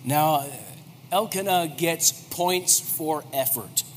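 A man's voice: fairly high pitch, takes it slowly. A man in his forties, a pastor preaching a humorous sermon and acting out quoted voices. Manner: animated, joking, acts out quoted voices. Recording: hall reverb, faint background noise.

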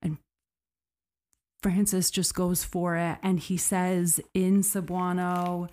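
A woman's voice: fairly low pitch, level tone, slow, dark tone. A woman hosting a podcast, telling a true story in a casual, conversational way with frequent fillers. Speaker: podcast host.

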